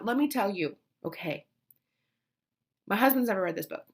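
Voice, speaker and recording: A woman's voice: medium pitch, normal speed, gravelly, long pauses. A woman in her thirties, a mother telling a family story casually and emotionally, with many restarts. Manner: animated, emotional, lots of restarts and quoted voices.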